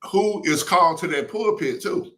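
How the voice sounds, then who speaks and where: A man's voice: a little high, normal speed, bright, forceful tone. A man co-hosting a casual political livestream, chiming in with short agreements.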